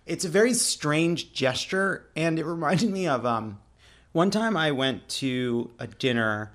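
A man's voice: a little high, animated, measured pace, fairly bright tone. A man co-hosting a podcast, telling a long story in casual chat with bursts of laughter and emphatic asides. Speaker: podcast co-host.

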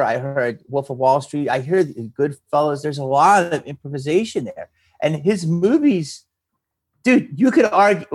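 A man with a Philadelphia accent, an actor and comedian talking casually as a guest, animated and swearing freely. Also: a little high. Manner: animated, swearing, slips into a Philly voice. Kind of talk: casual interview chat.

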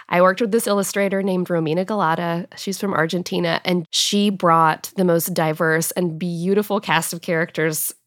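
A woman's voice: on the low side, no echo, studio quality. A woman in her thirties, a guest talking earnestly and emotionally in a casual interview, at times choked up. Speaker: guest author.

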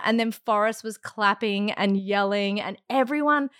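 A woman in her thirties chats as a podcast guest, telling her story with plenty of life, acting out sounds and laughing between lines. Her voice sits at a middling pitch, and the recording is close and dry with no room around it. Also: moderate pace, hardly any pauses, smooth, dry recording. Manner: animated, acts out quotes and sounds; laughs often mid-story. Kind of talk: casual storytelling chat.

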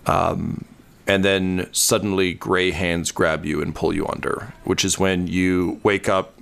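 A man runs a tabletop game as its game master, his voice very low and smooth. He narrates a dreamlike scene slowly, pausing often with ums and uhs. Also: flat delivery, a bit bright. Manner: halting, many ums and uhs.

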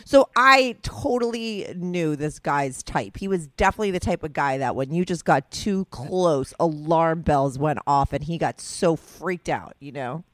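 A woman host with a somewhat low voice, talking straight to her caller in a blunt, casual way and swearing freely. She sounds dry and close, with no room echo. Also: expressive, a little slow, hardly any pauses. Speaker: host giving advice. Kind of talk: casual advice chat.

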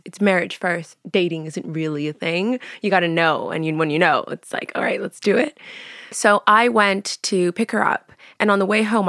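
A woman in her thirties from Canada chats as a guest, with a slightly gravelly, fry-touched voice. She tells stories with animation, acting out quotes and laughing often. The sound is close and dry. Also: lowish voice, fairly bright tone, dry recording. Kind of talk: casual interview chat.

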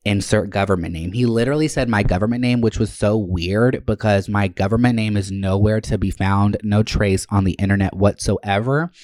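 A man's voice: lowish voice, a little mellow, no room sound, studio quality. A man telling a story in a casual, profane and exasperated rant.

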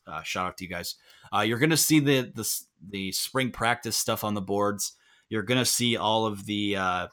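Man, sports podcast host, bright forceful voice, rambling, joking asides. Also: on the low side. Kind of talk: casual sports podcast chat. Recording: remote call audio.

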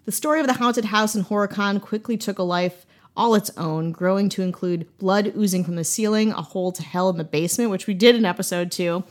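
A woman's voice: mid-range voice, fairly quick. Playful woman hosting a spooky podcast. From Wisconsin. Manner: playful, jokey asides while telling a spooky tale. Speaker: podcast host. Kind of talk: casual storytelling podcast.

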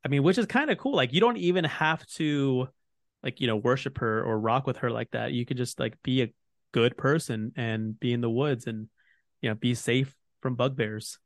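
A man co-hosts a casual podcast, explaining fantasy game lore in a loose, rambling way full of fillers. His voice sits at an ordinary middle pitch. The recording is dry, with no room sound. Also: normal speed, dry recording. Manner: rambling, heavy on fillers like "you know" and "like". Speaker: podcast host.

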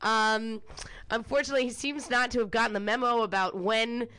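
A woman's voice: a little high, steady tone, brisk, pushed and bright, clear, resonant tone. A woman co-hosting a casual podcast, swearing freely and sarcastic, breaking into laughter. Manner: profane, sarcastic, laughs a lot. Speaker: podcast co-host.

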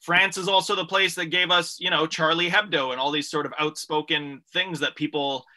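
A male podcast co-host with a high, very bright voice. He poses rambling, filler-heavy questions to a panel of comedians in a casual chat. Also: steady tone, moderate pace. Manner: long, winding questions with many fillers.

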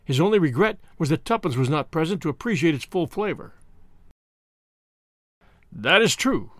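A man narrating a novel as an audiobook reader, measured and expressive. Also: fairly high pitch, dry recording. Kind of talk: scripted narration.

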